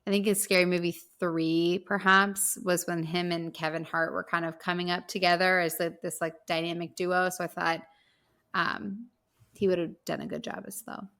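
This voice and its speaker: A woman with a somewhat low voice co-hosts a casual film roundtable. She talks in a relaxed, rambling way, full of "like" and "kind of" fillers. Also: normal speed. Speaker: podcast co-host.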